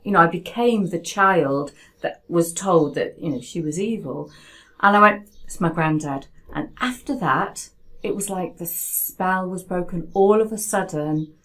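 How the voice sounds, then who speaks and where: A woman with a slightly low voice talks casually from home, telling a story with animation and frequent restarts. She often stops to reword herself as she goes. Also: unhurried, fairly bright tone, poor audio. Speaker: host. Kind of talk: casual conversation. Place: home in Spain.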